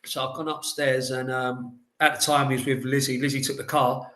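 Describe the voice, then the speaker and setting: A man on a podcast as a guest, telling animated, rambling anecdotes in casual chat with lots of "like". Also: mid-range voice, brisk, reverberant. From England.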